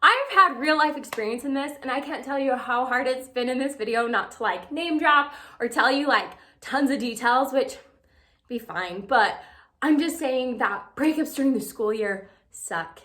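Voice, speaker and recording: A woman's voice: high-pitched, lively intonation, moderate pace, bright, forceful tone. A young woman vlogger giving breakup advice in a chatty, filler-heavy way, acting out quoted texts. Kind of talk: casual talk to camera.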